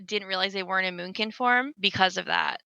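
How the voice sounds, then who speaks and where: A woman's voice: mid-range voice, brisk, vocal fry, pushed and bright, smooth, no echo. A woman on a gaming podcast, telling stories in a casual, giggly way. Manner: giggly, storytelling. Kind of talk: casual chat.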